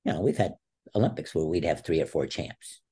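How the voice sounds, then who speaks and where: A man's voice: a little fast, breathy edge. A man in his sixties, an interview guest telling a long story in a casual way, acting out what others said. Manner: animated storyteller, acts out quotes with a raised pitch. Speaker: interview guest, former wrestler.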